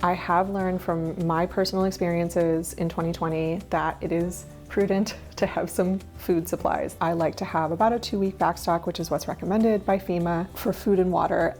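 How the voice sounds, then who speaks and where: A woman's voice: fairly low pitch, darkish tone. Chatty woman vlogging about buying less. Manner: chatty and candid, with small laughs and asides. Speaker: minimalist lifestyle vlogger. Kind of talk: casual talking-head vlog.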